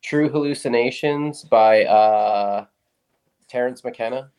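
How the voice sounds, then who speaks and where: A man's voice: mid-range voice, slow pace, darkish tone, clean tone. A man chatting on a podcast, rambling and swearing casually as he explains things. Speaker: podcast guest. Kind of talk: casual chat.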